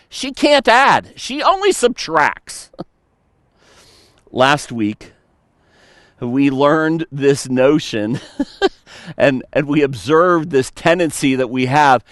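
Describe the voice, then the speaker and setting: A male pastor delivering a sermon in an unhurried, deliberate way. His voice sits somewhat high and swings widely in pitch as he acts out little scenes. The sound is close and dry. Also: no room sound. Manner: animated storytelling with mock voices and laughs.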